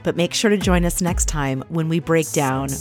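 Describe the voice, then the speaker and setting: A woman's voice: low-pitched, normal speed, darkish tone, soft background music. A woman hosting a casual reality show recap, chatty and wry, with frequent laughs. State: married.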